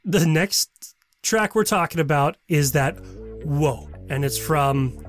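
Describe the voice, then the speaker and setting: A man co-hosting a casual music review chat, playful and quick to laugh. His voice sits fairly high, and the sound is close and dry. He jokes his way through the song picks. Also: no echo. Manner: playful, jokey, laughs often. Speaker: music show co-host.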